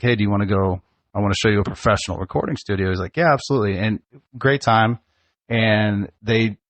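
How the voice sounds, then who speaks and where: A man's voice: on the low side, no echo. A man, hosting a casual podcast chat and telling family stories, laughing often. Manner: chatty storyteller, laughs often. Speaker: podcast host, father.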